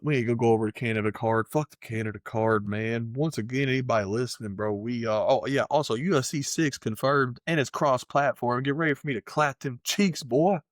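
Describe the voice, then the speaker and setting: A man's voice: medium pitch, a little fast, no room sound. Profane ranting man, dry sound. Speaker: podcast co-host. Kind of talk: casual chat.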